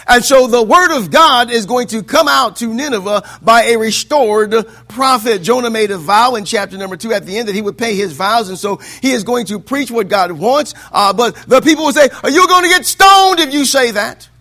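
A man preaching a sermon, asking the congregation for amens and swinging between loud declaiming and quiet asides. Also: sits high, normal speed, few pauses. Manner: call-and-response preaching, asks for amens. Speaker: pastor.

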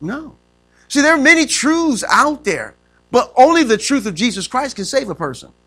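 Gravelly, bright-voiced preaching man. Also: extremely high pitch, big pitch swings. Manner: call-and-response preaching, asking the congregation to fill in words; emphatic, drawn-out key phrases. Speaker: pastor. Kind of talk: sermon.

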